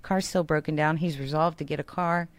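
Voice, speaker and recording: A woman radio co-host, chatting casually and telling an animated story, acting out other people's lines. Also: low voice, a little fast, dry recording. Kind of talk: casual on-air banter and storytelling.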